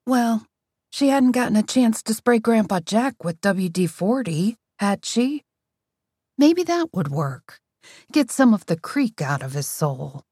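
A woman narrating a novel aloud in a wry, expressive reading. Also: mid-range voice, unhurried, slightly rough, no echo, clean studio sound. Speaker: audiobook narrator. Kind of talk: scripted narration.

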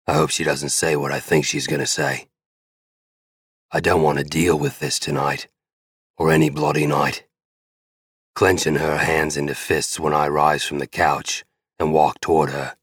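A man's voice: very deep voice, level tone, normal speed, fairly bright tone, husky, no echo, studio quality. A man narrating a romance audiobook in the first person, blunt and swearing freely.

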